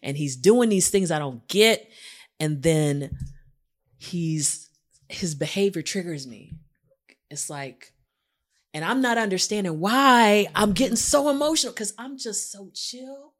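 A woman's voice: mid-range voice, expressive, measured pace. A woman co-hosting a podcast, talking in a casual, informal way and acting out her own thoughts as she tells a personal story. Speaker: podcast co-host. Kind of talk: casual conversation.

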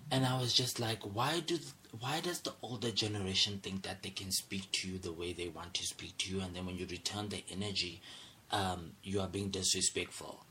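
A man's voice: deep voice, sharp tone, slight background noise. A young man hosting a solo podcast, angry and agitated, asking "do you understand" over and over. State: angry, irate. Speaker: podcast host.

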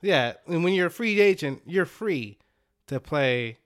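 High, bright-voiced man ranting. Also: measured pace. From Dallas, Texas. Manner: animated, emphatic ranting with laughter. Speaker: podcast co-host. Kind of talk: ranting casual chat.

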